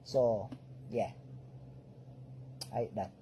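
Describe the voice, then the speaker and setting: A man with a Jamaican accent speaking straight to camera in a relaxed monologue, drifting into patois phrasing. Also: fairly low pitch, slight background noise, poor audio. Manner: slow, easygoing, drifts into patois.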